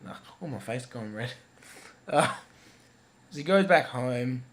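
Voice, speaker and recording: A man's voice: mid-range voice, animated, slow. Rambling, swearing man reviewing a film. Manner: rambling, profane, self-interrupting. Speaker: movie reviewer. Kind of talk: casual rambling movie review.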